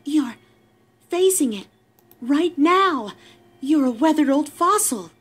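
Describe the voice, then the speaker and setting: Woman voicing a scornful witch enchantress, breathy, slow, cutting. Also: medium pitch, darkish tone. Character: scornful enchantress witch, second eldest sister. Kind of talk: audio drama acting.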